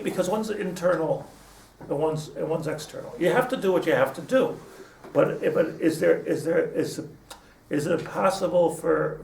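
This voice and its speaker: This Torah teacher keeps things casual, drifting and starting over repeatedly while dropping Hebrew words into his speech. He speaks on the high side with noticeable vocal fry, captured by a far-off microphone in a reverberant room that carries a slight hum.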